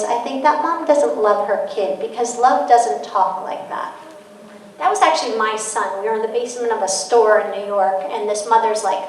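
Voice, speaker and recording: A middle-aged woman giving a lively parenting talk to an audience, telling stories and acting out quoted voices. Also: a little high, normal speed. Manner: storytelling with quoted voices and laughter. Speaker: guest speaker on parenting. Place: large hall. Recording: echoey hall from far off, faint noise.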